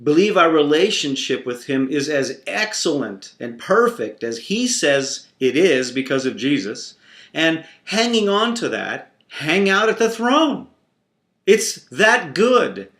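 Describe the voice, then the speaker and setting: Slow, expressive man telling a family story. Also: on the high side. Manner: warm, playful, expressive storyteller. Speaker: Christian teacher. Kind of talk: devotional storytelling. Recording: roomy echo.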